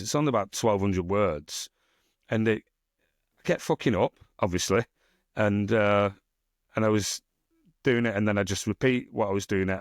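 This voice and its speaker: A northern English man talks in a loose, rambling podcast chat, throwing in casual swearing and playful teasing. His voice sits low. The sound is dry and close, with no room around it. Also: no echo. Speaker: podcast co-host and self-published author.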